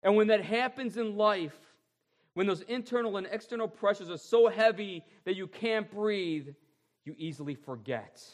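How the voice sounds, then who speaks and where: A man delivering a sermon from the pulpit, his voice sitting a little high for a man. He leans hard on key phrases and stretches them slowly. Then he drops to quieter, lower lines. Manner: emphatic, drawn-out repeated phrases, shifting between loud and soft. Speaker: pastor.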